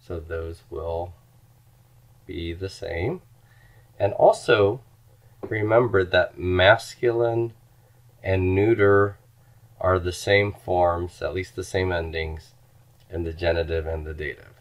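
A man with a very deep, low-pitched voice gives a recorded grammar lecture. He explains patiently, walking through word forms one by one and repeating them aloud for his students. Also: steady tone, slow pace, long pauses. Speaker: Greek teacher.

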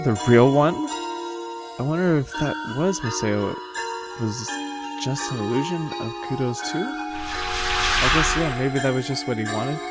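A man commenting excitedly on a horror game as he plays, reading the dialogue aloud, with loud game music behind him. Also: mid-range voice. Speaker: gaming video host. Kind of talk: let's play commentary.

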